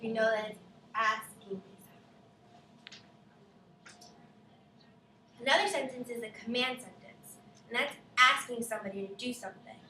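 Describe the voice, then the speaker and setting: A woman teaching a class of children, speaking slowly and emphatically and often checking in with "right?". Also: on the high side, bright, forceful tone, a little hiss or hum. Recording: echoey classroom from far off.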